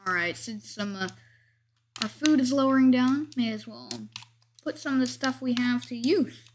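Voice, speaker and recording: A woman hosts her own gameplay video, talking through each step in a casual, chatty way. She pokes fun at her own mistakes as she goes. Her voice sits a little high, and faint keyboard and mouse clicks run underneath. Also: normal speed, a little hiss or hum. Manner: chatty, narrates every move, jokes about herself.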